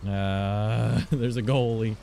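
A man's voice: on the low side, slow, gravelly, faint music behind. A young man streaming a car soccer game, chatting casually with teammates and viewers, swearing freely as he tells stories between plays. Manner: swearing, animated storytelling between game reactions. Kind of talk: casual gameplay chat.

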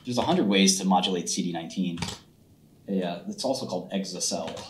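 A man's voice: deep voice, fairly quick, slight background noise. A man hosting a casual livestream, picking apart stocks in a blunt, offhand, sarcastic way. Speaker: host analyzing stocks on a livestream. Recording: roomy echo, faint keyboard typing.

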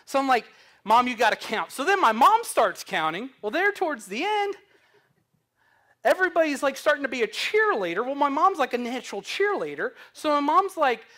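A man's voice: very high voice, very animated, a little fast, sharp tone. A young man preaching a sermon, earnest and humorous, telling stories. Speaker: pastor.

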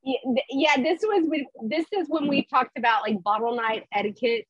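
Give me a breathy woman co-hosting a casual chat, a bit high, over a dull dry call. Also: moderate pace, no room sound. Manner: chatty, leans on "like". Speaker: podcast co-host. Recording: dull, lo-fi sound.

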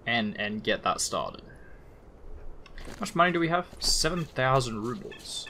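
Aussie male let's-player, animated and bright, chatty and a bit sweary. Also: medium pitch, normal speed, a little hiss or hum. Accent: Australian. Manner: chatty, rambling, casually profane. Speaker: let's play gamer. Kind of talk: casual gameplay commentary.

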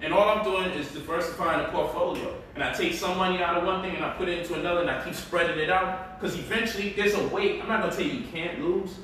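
A man's voice: sits high, a bit bright, slight background noise. A man hosting a casual livestream, teaching stock investing in a loose, joking, slangy way from his home. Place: home, indoors. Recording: echoey room, mic at a distance.

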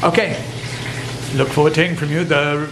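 A British man in his sixties hosting a cooking vlog, talking casually and excitedly to his viewers. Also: a little high, fairly quick. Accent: British English. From Britain. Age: 60s. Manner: chatty, excitable, rambling. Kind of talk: casual chat to camera. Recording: echoey room with noticeable background noise.

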